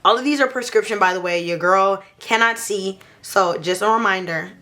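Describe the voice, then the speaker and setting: A young woman in a casual beauty review vlog, talking playfully and gushing with excitement. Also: medium pitch, moderate pace, slight background noise. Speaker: beauty vlogger.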